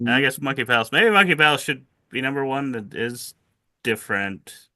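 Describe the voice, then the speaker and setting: Guy with a bright, tense voice talking board games, keeps restarting and hedging. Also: medium pitch, animated, a little fast. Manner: hedging, restarts phrases, mild and agreeable. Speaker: board game channel co-host. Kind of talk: casual chat reacting to award nominees.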